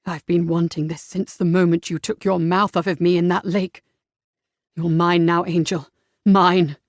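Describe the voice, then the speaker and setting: A deep-set, husky young Regency lord, tender and ardent, spoken close and dry, as a woman narrator puts him on. His voice sits well below a woman's usual range. It is an audiobook romance character. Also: little pitch movement, a little slow, no room sound, natural voice. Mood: urgent. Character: ardent young male Regency gentleman lover.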